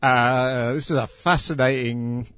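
A man's voice: mid-range voice, fairly even intonation, a little slow, fairly bright tone, clean tone, no echo. Hesitant man reviewing anime, dry sound. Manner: hesitant, filler-heavy, wry. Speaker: podcast co-host. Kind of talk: casual chat reviewing anime.

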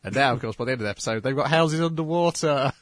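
A man hosting a podcast, introducing each show and chatting casually in a measured way. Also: mid-range voice, no echo. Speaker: podcast host. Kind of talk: casual anime recap chat.

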